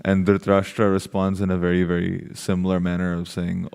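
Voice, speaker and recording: A man's voice: low voice, completely flat delivery, fairly quick, creaky, a little mellow, clean tone. A man taking part in a study group, answering a question hesitantly and with many fillers. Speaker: class participant.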